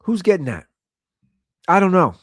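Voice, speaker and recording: Animated ranting male podcast host. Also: high-pitched, moderate pace, no echo, studio quality. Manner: animated ranting with rhetorical questions. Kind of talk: solo ranting talk show.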